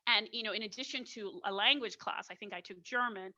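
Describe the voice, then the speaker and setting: A woman in her forties from Nigeria, a guest opera singer telling her story in a casual podcast interview, animated and laughing often. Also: medium pitch, fairly quick. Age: 40s. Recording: dull lo-fi recording.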